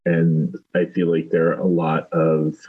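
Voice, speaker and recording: A man's voice: extremely low pitch, completely flat delivery, a little slow, slightly rough, narrow, tinny audio. A man from Southern Indiana co-hosting a podcast, reviewing a show in casual chat and hedging with many restarts. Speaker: podcast co-host.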